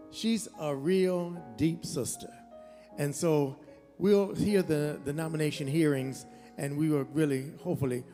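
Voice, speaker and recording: A man's voice: medium pitch, warm tone. Earnest man hosting in an echoey hall. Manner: earnest, conversational, with false starts. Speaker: event host. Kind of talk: speech at a school event. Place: school event hall. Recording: reverberant hall with music behind.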